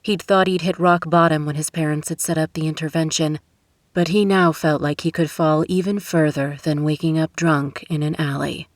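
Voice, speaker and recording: A woman narrating a romance novel audiobook in a steady, measured storytelling voice. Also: deep voice, no room sound. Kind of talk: scripted narration. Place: recording booth. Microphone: studio microphone.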